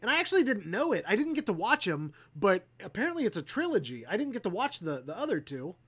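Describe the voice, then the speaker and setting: A man's voice: high voice, very animated, fast, a bit bright, slightly rough. A man co-hosting a casual livestream chat, rambling and laughing through profane movie banter. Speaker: podcast co-host.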